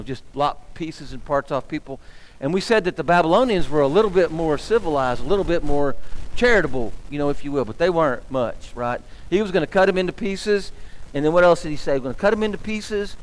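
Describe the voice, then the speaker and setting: A man teaching scripture to his congregation. He throws questions at the room and works himself up as he goes, and his fairly high voice rings out with the long echo of a church hall. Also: slight background noise. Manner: animated, asks the room questions, gets fired up. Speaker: minister teaching a Bible class. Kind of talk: interactive Bible teaching with questions to the class.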